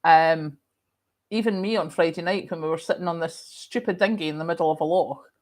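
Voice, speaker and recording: Woman, Scottish accent, middle-aged, lowish voice, chatty livestream host, slight cough. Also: brisk. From Scotland. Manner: chatty, animated storytelling. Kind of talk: casual chat reading viewer comments.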